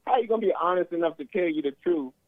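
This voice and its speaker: A man's voice: high voice, racing, crowd noise. A man calling in to a talk show, blunt and sure of himself, brushing off the host's points. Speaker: caller. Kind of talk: casual call-in talk. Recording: tinny phone line.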